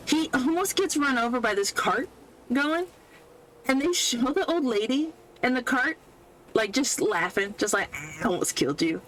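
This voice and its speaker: Lively, high-voiced sarcastic woman host. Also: a little hiss or hum, poor audio. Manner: profane, sarcastic, laughs often. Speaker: podcast host. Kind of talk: casual movie recap while playing a video game.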